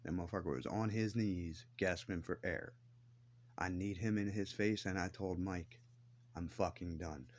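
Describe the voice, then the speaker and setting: Here a vlogger airs his grievances in a profane, defiant rant to camera, cursing heavily and speaking bluntly. His voice is low-pitched, with fairly even intonation and a moderate pace.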